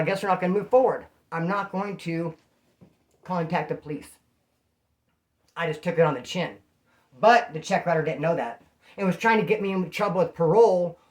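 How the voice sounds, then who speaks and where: A man casually recounting his own story, with lots of slang, acting out other people's voices as he goes. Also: fairly high pitch. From California. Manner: animated, slangy, acts out quoted voices.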